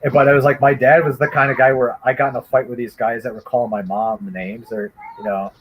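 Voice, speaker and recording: A man's voice: medium pitch, little pitch movement, quick pace, lo-fi sound, slight background noise. A man telling childhood stories in casual chat, acting out the voices of the people in them. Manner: acts out voices in his stories, loud whoops. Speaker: storyteller on a stream. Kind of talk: casual chat, animated storytelling.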